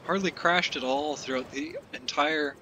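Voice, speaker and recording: A man's voice: fairly high pitch, measured pace, bright, forceful tone, slight background noise. Exasperated man grumbling through a game. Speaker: let's play gamer. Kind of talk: let's play commentary.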